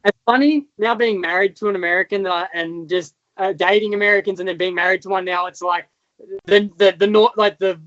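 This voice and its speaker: A man's voice: sits high, fairly even intonation, fairly quick, a bit bright, no echo. An Australian man in his thirties, a motocross rider guest, telling his story in rambling casual talk with many fillers. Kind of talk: casual interview chat. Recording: dull, lo-fi sound.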